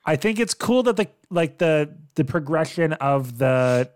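A man's voice: on the high side, expressive, measured pace, clean tone, no echo, studio quality. A man co-hosting a podcast, chatting casually and teasing the others wryly. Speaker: podcast co-host. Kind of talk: casual chat.

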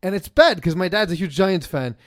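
A man hosting a casual sports podcast, joking in a relaxed, dry way with a cigar-roughened voice. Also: high-pitched, brisk, no echo. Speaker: podcast host.

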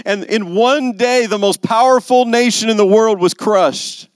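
A male pastor delivering a sermon in a slightly higher voice, pressing his points with mounting intensity. The sound is dry and close, with no room echo. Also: a little slow. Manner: rising to emphatic intensity on key lines.

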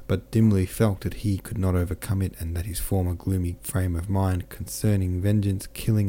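A man reads a classic novel aloud in a measured, steady narration. His voice sits low and sounds very dark and mellow, with a relaxed, even delivery. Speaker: audiobook narrator.

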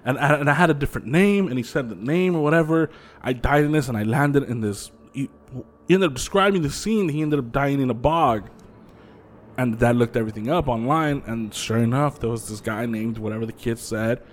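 With a mid-range voice and a fairly quick pace, this podcast co-host chats casually while telling ghost stories. He curses a lot, stays animated, and voices the quotes of the people in his stories.

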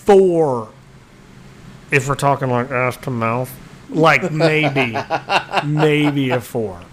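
A man's voice: medium pitch, drawn-out words, slight background noise. A man co-hosting a podcast, telling crude stories with lots of swearing and laughter. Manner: profane, laughing storyteller. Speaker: podcast co-host. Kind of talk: crude casual chat.

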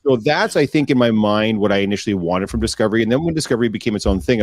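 A man co-hosting a casual podcast, talking as an excitable, gushing fan. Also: lowish voice, rapid-fire, hardly any pauses. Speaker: podcast co-host. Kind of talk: casual chat.

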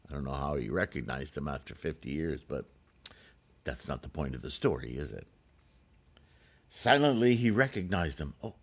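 A man's voice: very deep voice, lively intonation, moderate pace, long pauses. A man reading a Buddhist scripture aloud and breaking off into casual spoken commentary with frequent "right?" asides.

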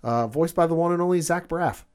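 Animated man retelling a TV episode. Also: a little high, clear, resonant tone. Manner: animated, acts out characters' lines in quick voices. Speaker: podcast co-host. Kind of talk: casual chat recapping a TV episode.

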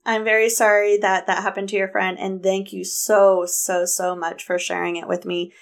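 A woman co-hosting a podcast in casual chat, chatty and supportive with quick interjections. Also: medium pitch, little pitch movement. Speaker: podcast co-host.

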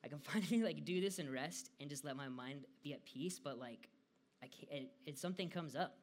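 A young man from the United States gives a relaxed devotional talk. He sounds chatty and laid-back, with lots of fillers and a slightly high voice. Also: a little fast. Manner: casual and chatty, frequent "like" fillers, laughs often.

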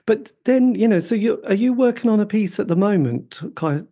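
A man interviewing a performer, talking in a halting way with frequent restarts before asking direct questions. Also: high-pitched, animated, dark tone. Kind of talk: casual conversation.

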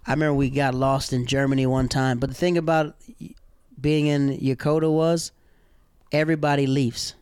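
Young Southern man, mid-pitched, lively raconteur, dry closely miked sound. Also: normal speed, smooth, no room sound. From American South. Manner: animated, acts out quoted people in high voices, slangy. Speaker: guest telling stories. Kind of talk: casual storytelling chat.

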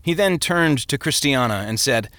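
A man's voice: fairly high pitch, lively intonation, normal speed, sharp tone, dry recording. A man narrating a story as an audiobook, telling it expressively.

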